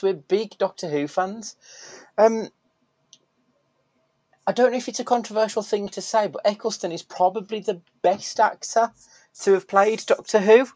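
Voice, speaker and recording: A man's voice: sits high, normal speed, dry recording, low-quality recording. Man, podcast host, blunt and sweary, dry close sound. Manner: blunt, profane, opinionated. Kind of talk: casual chat.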